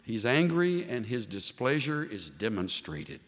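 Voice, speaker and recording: A man preaching a sermon as a pastor, animated and voicing the figures he quotes. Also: medium pitch, measured pace. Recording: long hall reverb.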